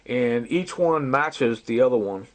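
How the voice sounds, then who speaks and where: This recorded monologue has a man airing his grievances in a long, meandering, agitated story full of other people's quoted words. His medium-pitched voice has lively intonation and runs a little slow.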